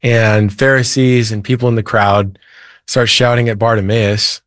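A man's voice: on the low side, little pitch movement, unhurried, no echo, clean studio sound. A man, a Christian author and preacher, earnestly retelling a Bible story as a guest in a faith interview. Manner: earnest, retells scripture with feeling.

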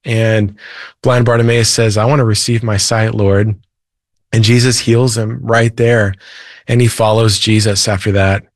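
A man's voice: lowish voice, level tone, measured pace, no echo, studio quality. Earnest man retelling scripture. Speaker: guest, Christian author and preacher. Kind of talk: faith interview, storytelling.

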